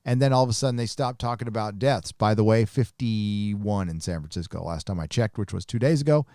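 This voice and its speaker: A man's voice: fairly low pitch, fairly quick, a little mellow, no room sound, clean studio sound. A man hosting a live stream, chatting casually and reading viewer comments in a blunt, profane, rambling way.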